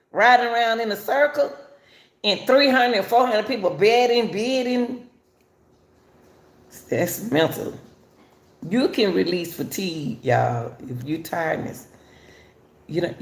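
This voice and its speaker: A woman's voice: on the low side, reverberant. An older woman, hosting a casual talk for viewers and repeatedly addressing them as y'all. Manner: repetitive, chatty, addresses listeners as y'all. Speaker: host.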